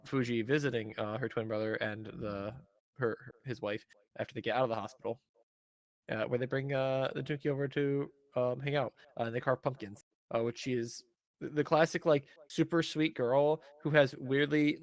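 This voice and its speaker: A man's voice: mid-range voice, fairly even intonation, moderate pace, no room sound. A man co-hosting a podcast, recapping an episode casually with many ums and uhs. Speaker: podcast co-host.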